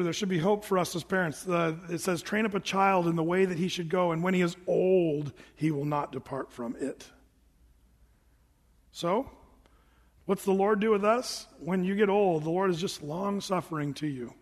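A man with a high voice preaches to his congregation, animated and conversational, tossing in rhetorical asides. His voice carries a long reverb from the church hall around him. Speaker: pastor. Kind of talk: sermon. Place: church sanctuary.

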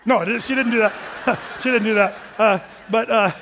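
A middle-aged male pastor telling a personal story in a sermon, animated and acting out the voices of his family. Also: high voice, moderate pace, in a large hall, slight background noise.

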